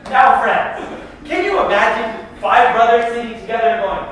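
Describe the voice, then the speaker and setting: Male lecturer, high voice, jokey and interactive with the room, recorded from a distance in a reverberant hall. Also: normal speed, slight background noise. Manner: joking, animated, asks audience questions. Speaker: imam teaching tafsir. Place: large echoey hall. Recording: echoey hall from far off.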